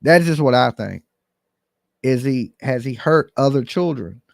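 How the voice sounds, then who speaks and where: A man's voice: mid-range voice, expressive, measured pace, vocal fry, no room sound, studio quality. A man hosting a live call-in commentary stream, talking bluntly and emphatically straight to his viewers. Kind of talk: casual livestream commentary.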